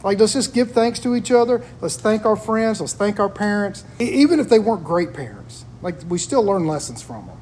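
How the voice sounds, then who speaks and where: A man with a voice pitched high for a man talks through personal stories in a relaxed conversational chat. He sounds earnest and reflective as he shares them. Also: a little fast, hardly any pauses, a little hiss or hum. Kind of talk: casual chat.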